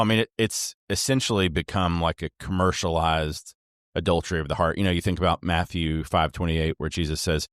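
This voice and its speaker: A man's voice: a bass voice, dry recording, clean studio sound. A man hosting a Christian podcast, chatty and agreeable, chiming in with frequent short affirmations. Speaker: podcast host. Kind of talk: casual podcast discussion.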